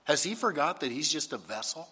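A man's voice: a little high, big pitch swings, a little fast, pushed and bright. A man preaching a sermon as a pastor, emphatic and full of rhetorical questions. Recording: husky voice with long hall reverb.

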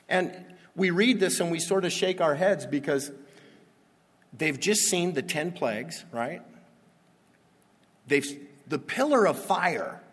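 A pastor giving a sermon, reading Bible verses and explaining them in a conversational way that builds to emphatic peaks. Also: male voice, fairly high pitch, lively intonation, slow, long pauses, husky. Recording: long reverb of a large hall.

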